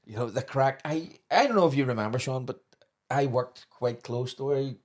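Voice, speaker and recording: A man's voice: mid-range voice, moderate pace. A man with a Belfast accent co-hosting a podcast, chatty and joking, swearing now and then. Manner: chatty, swears, jumps in with jokes. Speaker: podcast co-host. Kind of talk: casual podcast banter.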